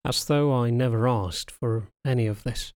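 A man reading the lines of a frightened young pregnant anthro woman in an audiobook, speaking softly and hesitantly. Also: medium pitch, normal speed, lightly acted. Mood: fearful, subdued. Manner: soft, trembling, hesitant.

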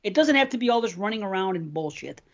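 A man talks loosely and at length, cursing freely as he chats on a podcast. His voice sits on the high side. The recording sounds muffled and lo-fi. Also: animated, quick pace. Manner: rambling and heavily profane. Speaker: podcast co-host. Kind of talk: casual podcast chat.

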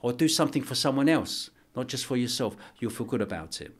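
A middle-aged man, a guest on a podcast interview, telling a personal story in an earnest, halting way with many restarts. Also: medium pitch, lively intonation. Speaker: archbishop and boxing coach, guest.

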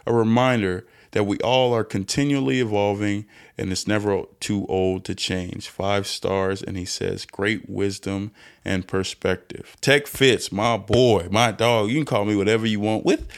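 A young man hosting a solo podcast rant, animated and self-interrupting, swinging between loud bursts and hushed asides. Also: lowish voice, unhurried. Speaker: podcast host. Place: indoors, lying down recording at home.

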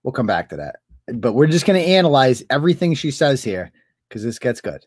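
A man's voice: medium pitch, big pitch swings, a little fast, a little mellow, slightly rough, no room sound, clean studio sound. A man hosting a casual commentary stream, sarcastic and mocking, often laughing. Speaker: show host. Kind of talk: casual commentary over clips. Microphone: computer mic.

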